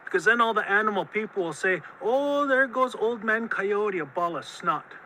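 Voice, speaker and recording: A man's voice: high-pitched, animated, normal speed, sharp tone, a little hiss or hum, poor audio. A man voicing a bold, stubborn trickster coyote who talks in a cocky, bossy way.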